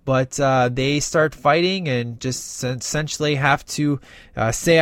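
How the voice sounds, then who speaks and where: Guy recapping a movie, kinda high voice, does all the character lines, lots of uh and like. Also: measured pace, dry recording, studio quality. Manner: animated retelling, acts out quoted dialogue, many fillers. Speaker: movie reviewer. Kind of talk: casual film recap.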